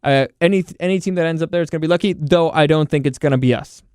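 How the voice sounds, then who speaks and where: A man acting out a calm team owner giving a measured, slightly hesitant press answer. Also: fairly high pitch, smooth, dry recording, clean studio sound, close to an everyday voice.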